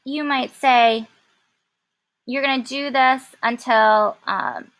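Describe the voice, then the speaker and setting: A woman teaching a programming lesson, talking casually and thinking aloud with many pauses and fillers. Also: fairly high pitch, bright, forceful tone. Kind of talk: classroom coding lesson.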